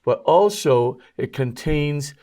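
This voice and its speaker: Fairly high-pitched, warm, and expressive, a Jesuit priest and scholar guests on an interview show. He explains technical points in a faltering manner peppered with ums and uhs.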